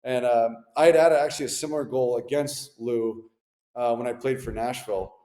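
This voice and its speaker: This ex-hockey player in his thirties has a medium-pitched voice and talks at a normal speed. As an interview guest, he tells laid-back, lively stories sprinkled with slang. The recording is echoey, with a long reverb tail.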